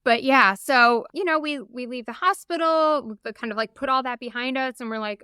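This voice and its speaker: Woman guest, candid conversational storyteller; bright, clear tone. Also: sits high, moderate pace, few pauses, no echo, clean studio sound. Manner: chatty, open, frequent "like" asides. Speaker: podcast guest.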